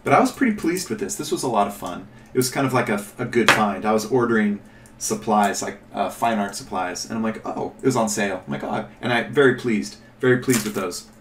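A man's voice: on the low side, a little fast, fairly bright tone, slight background noise. A man hosting a casual miniature painting tutorial, chatting and thinking aloud as he rambles and corrects himself. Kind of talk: casual show-and-tell tutorial. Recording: echoey room, mic at a distance.

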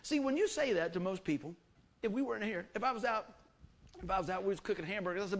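A man's voice: high voice, expressive, quick pace. A middle-aged man preaching a sermon, folksy and emphatic, full of rhetorical questions to the congregation. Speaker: pastor.

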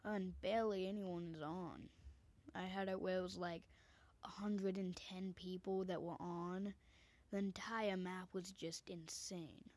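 Slow-talking woman, half-whispered commentary. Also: on the low side, steady tone, darkish tone. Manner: often drops to a whisper. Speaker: gamer. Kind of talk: casual gameplay commentary. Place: her bedroom at home. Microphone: desk microphone.

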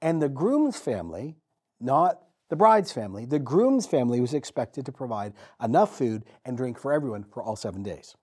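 A man preaching a sermon as pastor, telling the story with dramatic pauses and repetition. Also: mid-range voice, big pitch swings, dark tone, slightly rough. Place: church.

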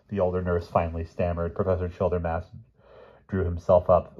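A man reading a novel aloud as an audiobook narrator, steady, with small slips and restarts. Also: sits low, fairly quick, lo-fi sound. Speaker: audiobook reader.

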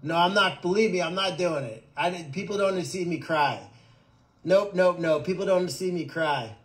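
High-voiced joking man chatting on livestream. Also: normal speed, fairly bright tone. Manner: joking, rambling, with stammered restarts. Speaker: animal sanctuary livestream host. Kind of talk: casual livestream chat answering viewer comments.

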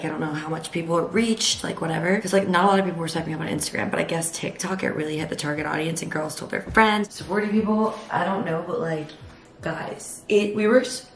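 A young woman, telling a story to camera in a rapid, chatty way full of "like.". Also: on the low side. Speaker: vlogger. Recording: roomy echo, faint background noise.

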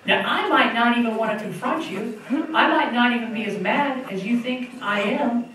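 A man's voice: extremely high pitch, moderate pace. A man preaching a sermon to his congregation, telling stories with jokes along the way. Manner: animated, joking storytelling. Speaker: pastor. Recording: echoey room from far off with audience.

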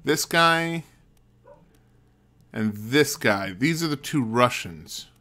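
A man's voice: medium pitch, expressive, slow pace, bright, forceful tone. A man streaming a mystery game, thinking aloud and muttering to himself as he works out clues. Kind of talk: let's play commentary. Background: game music.

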